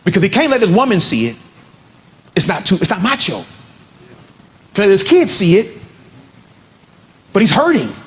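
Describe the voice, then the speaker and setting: A man's voice: high-pitched, huge pitch swings, normal speed, pauses often. A man preaching a sermon to a men's gathering, telling a story and then building to fervent exhortation.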